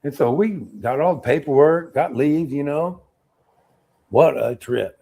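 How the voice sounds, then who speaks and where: A middle-aged man, an Army veteran, telling war-era stories in a casual interview, animated and acting out what people said. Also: fairly high pitch, a little slow, creaky, slightly rough. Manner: animated storyteller, acts out quotes, laughs.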